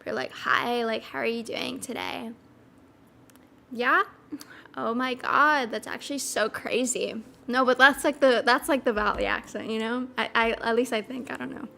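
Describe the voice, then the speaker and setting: A woman's voice: fairly high pitch, moderate pace, vocal fry, pushed and bright, a little hiss or hum. A young woman chatting casually as a streamer reading chat, rambling, full of fillers and giggles.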